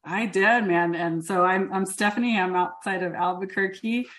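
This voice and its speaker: A woman guest in casual podcast chat, talking in a relaxed, easygoing way. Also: medium pitch, moderate pace.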